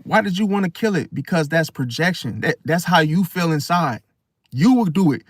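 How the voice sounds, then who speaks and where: A man's voice: on the high side, expressive, moderate pace, no echo, clean studio sound. A man, talking through a casual, preachy monologue about star signs and acting out other people's voices. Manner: preachy, acts out voices of others, repeats "see?" and "right?". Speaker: astrology commentator.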